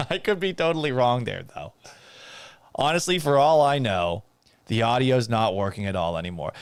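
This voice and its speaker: A man's voice: medium pitch, lively intonation, unhurried, long pauses, clean tone. A man hosting a live sports talk stream, talking casually and reading out viewer comments, exasperated and swearing, and mocking himself. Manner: reads viewer comments aloud.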